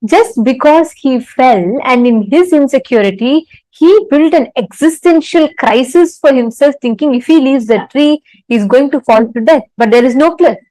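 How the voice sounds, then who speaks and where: A woman leads an online spiritual teaching, slow and deliberate, with a slightly high voice. She asks her audience questions and tells stories, and the sound is dry and close with no room. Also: dark tone, dry recording, rough recording.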